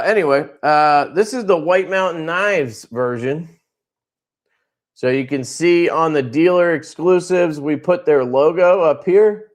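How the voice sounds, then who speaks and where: A man hosting a casual livestream from his knife company, showing products in a laid-back, rambling way with crude jokes. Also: on the high side.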